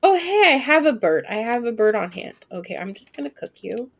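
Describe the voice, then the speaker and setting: A woman in her twenties streaming live gameplay commentary, chatting and thinking aloud, with sudden excited squeals and casual swearing. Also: mid-range voice, a little fast, vocal fry.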